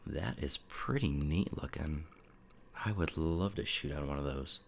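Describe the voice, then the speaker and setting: Very deep gravelly young man streaming. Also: measured pace, a little hiss or hum. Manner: relaxed, rambling, reads chat aloud. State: congested, sniffling. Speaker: photography live streamer. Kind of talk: casual live stream chat. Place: home desk room.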